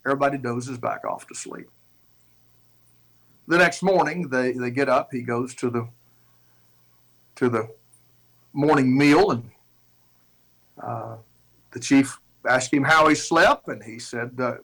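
A man preaching, retelling a story in an animated, conversational way with shifting pace. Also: mid-range voice, measured pace, creaky, pauses often, poor audio. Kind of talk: sermon illustration.

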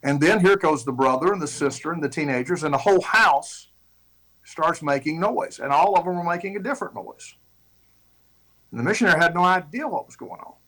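A man preaching, retelling a story in an animated, conversational way with shifting pace. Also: on the high side, brisk, poor audio. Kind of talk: sermon illustration.

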